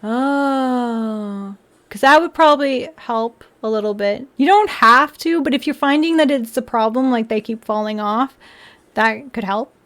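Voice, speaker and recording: Give me a giggly woman casually chatting with her stream viewers, voice sitting a bit high. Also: a little slow, a bit bright. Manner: chatty, giggly, answers chat. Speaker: livestream host building model kits. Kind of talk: casual livestream chat.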